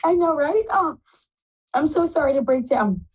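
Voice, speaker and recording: A woman's voice: sits high, lively intonation, normal speed, dull audio. A woman hosting a live call-in psychic reading show, effusive and tearful, calling callers "love".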